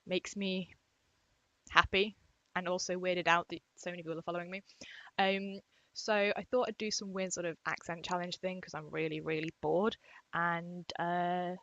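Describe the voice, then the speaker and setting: A young English woman vlogging at home to her webcam, chatty and self-deprecating, talking quietly so as not to wake the household. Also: lowish voice, dry recording, dull audio. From England. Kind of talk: casual webcam vlog. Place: room at home.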